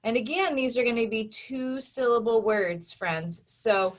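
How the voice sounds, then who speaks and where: A woman's voice: on the high side, unhurried. A woman phonics teacher giving a patient online lesson to young children, sounding out syllables and letters step by step. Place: home.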